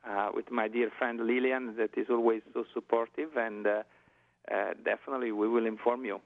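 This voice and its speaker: Casting: Italian-accented male guest, gravelly, tinny phone line, halting with fillers. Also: mid-range voice, fairly even intonation. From Italy. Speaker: guest singer. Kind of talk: phone interview.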